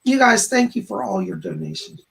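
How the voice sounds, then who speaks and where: A man hosting a live stream as a psychic medium, giving readings to viewers who donate and relaying messages from spirits in a rambling way. His voice is going hoarse. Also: very high voice, huge pitch swings, normal speed, fairly bright tone, slight background noise.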